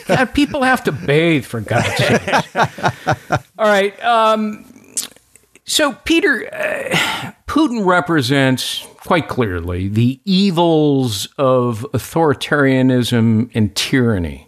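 A man hosting a political talk show, lively and indignant, laughing as he talks. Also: a little high, slow. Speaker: host.

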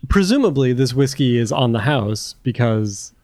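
A man's voice: medium pitch, expressive, normal speed, darkish tone, no room sound. A man appearing as a podcast guest, playful and questioning in casual chat.

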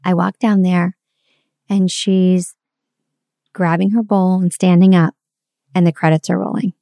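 Candid middle-aged woman, low dry voice. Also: flat delivery, unhurried, vocal fry, mellow, dry recording. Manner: candid, reflective storytelling. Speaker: parenting speaker. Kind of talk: confessional monologue.

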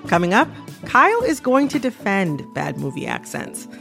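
Woman, radio host, gravelly, lively and incredulous, animated pitch, soft music behind. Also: moderate pace. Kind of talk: radio show hosting.

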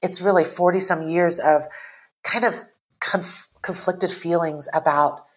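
A woman in her forties, born in Taiwan and raised in the US, speaking earnestly as a podcast guest and reading her own writing aloud slowly. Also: fairly low pitch, steady tone. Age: 40s. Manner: reflective, earnest, slows down when reading. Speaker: author guest.

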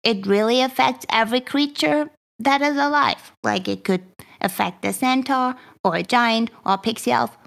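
A woman at a tabletop game, thinking aloud and musing over clues. Her voice carries a gravelly fry at the edges. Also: fairly high pitch, normal speed, a bit bright. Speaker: player.

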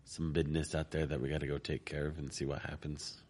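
A man's voice: a bass voice, level tone, fast talker, a little mellow. A man playing in a tabletop role-play, easygoing and a bit hesitant. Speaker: player.

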